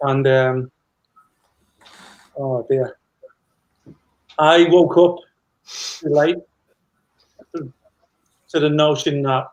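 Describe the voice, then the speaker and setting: A man's voice: on the high side, steady tone, very slow, long pauses, a little mellow, poor audio. A middle-aged man, a former footballer, telling anecdotes in a rambling casual chat with many restarts.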